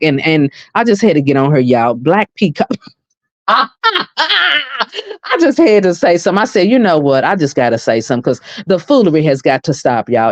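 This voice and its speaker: A woman's voice: fairly low pitch, a little mellow, dry recording. A woman hosting a casual gossip commentary channel, talking animatedly and straight to her viewers. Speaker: channel host. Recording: dull, lo-fi and dry.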